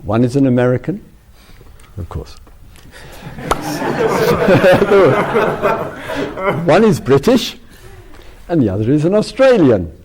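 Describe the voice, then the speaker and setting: A man's voice: mid-range voice, darkish tone. A man giving a casual spiritual talk, rambling with frequent restarts and laughter. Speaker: spiritual teacher.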